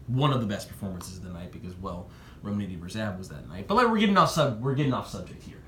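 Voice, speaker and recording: A young man in a casual vlog giving excited predictions and talking straight to the people he discusses. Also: fast, roomy sound, slight background noise. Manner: excitable, talks straight to the rappers, jumps in pitch. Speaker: battle rap commentator.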